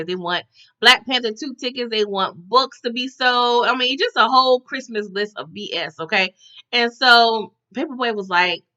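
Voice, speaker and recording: A woman's voice: on the high side, sharp tone, muffled recording. A woman recapping a TV episode in casual chat, often tagging her sentences with "okay?". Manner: chatty, tags lines with "okay?".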